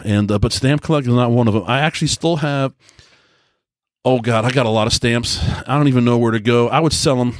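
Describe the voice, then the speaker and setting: A man in his forties talks alone into the mic for his podcast, wandering through memories at an easy mid pitch. He trips over his own words, stacks up fillers and pokes fun at himself. The sound is close and dry, with no room around him. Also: no room sound. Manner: rambling, self-deprecating storytelling with frequent restarts and fillers. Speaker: podcast host. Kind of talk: casual solo podcast monologue.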